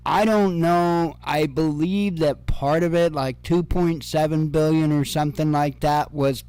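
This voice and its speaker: A man's voice: a little high, darkish tone, clean tone, no room sound. A man hosting casual news commentary, sarcastic and profane, with chuckling asides.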